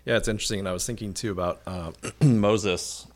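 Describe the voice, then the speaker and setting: Man, low voice, podcast co-host, animated, casual, storytelling. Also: brisk. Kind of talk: conversational Bible discussion.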